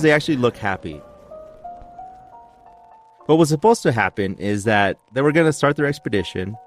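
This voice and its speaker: A man hosting a podcast, telling a mystery story in a rambling, chatty way, often correcting himself mid-sentence. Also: mid-range voice. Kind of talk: casual storytelling chat.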